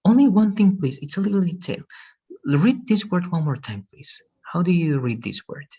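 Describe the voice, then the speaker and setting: A man's voice: sits high, animated, moderate pace, mellow, husky, highs cut off. A man teaching English in an online lesson, patient and repeating "okay" and "right" often, heard over a video call.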